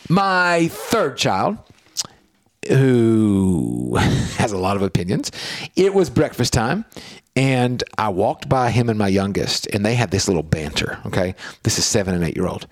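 Man, middle-aged, radio co-host, animated storytelling, very lively intonation, acts out scenes. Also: lowish voice, unhurried. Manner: lively, acts out family scenes with swooping voices.

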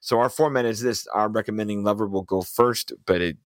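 A man's voice: lowish voice, a little fast, dry recording, studio quality. A man co-hosting a movie podcast, reading his show intro with a punchy, theatrical flair and then chatting casually. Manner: theatrical, punchy announcer delivery. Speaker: podcast co-host.

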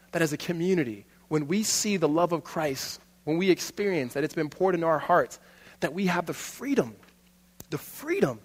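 A male pastor giving a conversational sermon, swinging between loud and hushed and laughing often. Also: high-pitched, big-room sound.

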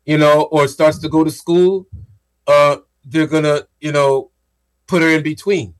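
A man co-hosting a radio talk show, explaining ideas in a measured, casual way. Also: on the high side, fairly even intonation. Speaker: radio co-host.

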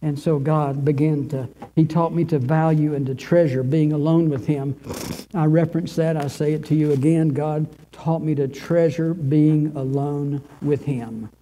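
An older male pastor preaches a heartfelt testimony with a high-pitched yet mellow voice. He repeats himself for emphasis and swings between soaring, fervent cries and hushed, near-whispered lines. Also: poor audio. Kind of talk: sermon testimony.

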